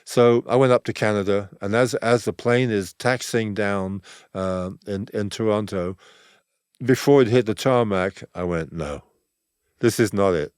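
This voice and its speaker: An older man, a photographer guesting on an interview, telling stories in a relaxed, rambling way and acting out the dialogue he quotes. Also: on the low side, unhurried, smooth, no room sound, studio quality. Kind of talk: relaxed anecdotal storytelling.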